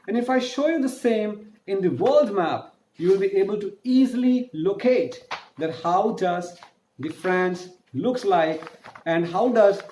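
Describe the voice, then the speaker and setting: Guy teaching a french class to kids, kinda high voice, says key words twice, echoey room. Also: darkish tone. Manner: repeats key words, speaks to students directly. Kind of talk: online class lecture.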